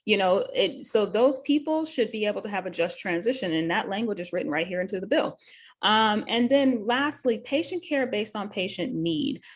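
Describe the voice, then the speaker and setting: Woman, nurse host, live talk show, earnest, conversational, frequent fillers, corrects herself. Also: medium pitch. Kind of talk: live web talk show, explaining a bill.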